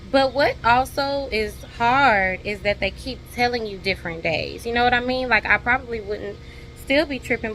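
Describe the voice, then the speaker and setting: A woman's voice: a little high, slight background noise. A woman, chatting casually to her viewers in a home vlog recorded on a phone. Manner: chatty, warm toward viewers, says y'all. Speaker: homestead vlogger. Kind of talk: casual vlog talk to camera. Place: outdoors in her garden at night, then indoors at home.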